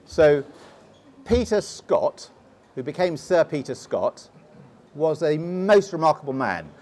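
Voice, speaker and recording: A man's voice: a little high, sing-song, slow pace, a little mellow, slight background noise. A middle-aged man with a posh English accent, telling long stories as a guest in an interview, often restarting his sentences. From England. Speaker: guest explorer. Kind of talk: storytelling interview.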